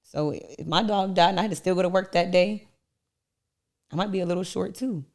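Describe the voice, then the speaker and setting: A woman sits in as a podcast guest and speaks with a somewhat low voice. She tells her stories with animation, acting out other people's lines and laughing easily. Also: fairly quick. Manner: animated storyteller, acts out voices in anecdotes; laughs easily, playful self-praise. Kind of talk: candid conversation.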